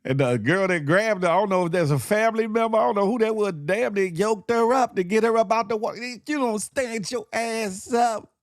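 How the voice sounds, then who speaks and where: A man hosting a casual morning show, talking in a slightly raised voice with an animated, joking delivery. He laughs often between remarks, and the sound is dry and close. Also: high voice, quick pace, few pauses, dry recording. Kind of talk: casual commentary.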